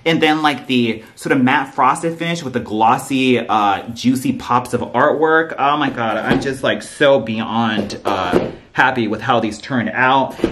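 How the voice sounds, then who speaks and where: A man's voice: mid-range voice, a bit bright. A man hosting a casual product review vlog about candles he designed, talking in an effusive, gushing way with lots of "like" and filler words.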